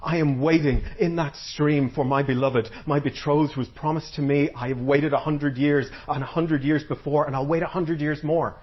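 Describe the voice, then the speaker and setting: A man's voice: fairly high pitch, steady tone, moderate pace, few pauses, dull audio, close to an everyday voice. A man voicing a furious woman in white, a wronged spirit who scolds and threatens. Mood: threatening. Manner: commanding, scolding.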